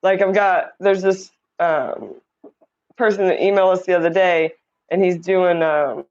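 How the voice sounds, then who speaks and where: Unhurried and lowish with a darkish tone, this woman's voice comes through dull audio from a streaming setup mic. She's a chatty livestream host from Indiana who reads comments aloud and greets viewers by name during casual chat.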